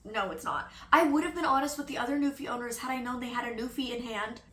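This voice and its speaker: A woman's voice: a little high, fast, fairly bright tone. A young woman chatting casually at home as a vlogger, laughing often and acting out quotes. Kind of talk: casual chat. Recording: echoey room, faint noise.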